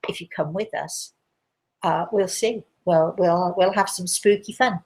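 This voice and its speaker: A woman hosting a live talk show, telling a story in a chatty, animated way. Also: fairly low pitch, a little slow. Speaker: host.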